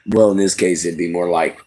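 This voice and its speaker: A man's voice: low-pitched, dark tone. A young man with a Southern US accent, chatting in a rambling, folksy way on a livestream and chuckling as he answers the chat. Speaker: livestream host.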